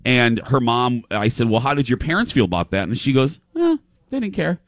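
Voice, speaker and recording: A man hosting a show in casual chat, telling a story with quick restarts and quoting what others said. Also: medium pitch, a bit bright, no room sound. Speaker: show host.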